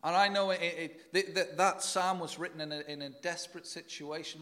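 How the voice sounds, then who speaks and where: A man's voice: a little high, steady tone, moderate pace, hardly any pauses, bright, forceful tone. A man preaching a sermon in an earnest, emphatic way, often repeating words as he goes.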